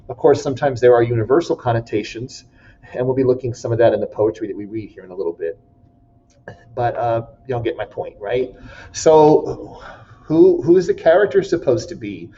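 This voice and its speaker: A man's voice: mid-range voice, darkish tone, lo-fi sound. A man teaching a class, chatty and jokey, laughing at his own puns. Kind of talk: classroom lesson with jokes.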